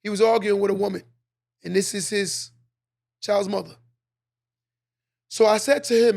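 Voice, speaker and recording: High gravelly guy, preaching hard on his podcast, repeats himself for punch. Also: fairly even intonation, moderate pace, long pauses, a little mellow. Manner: preachy, emphatic, repeats lines for effect. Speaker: podcast host. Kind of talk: motivational monologue.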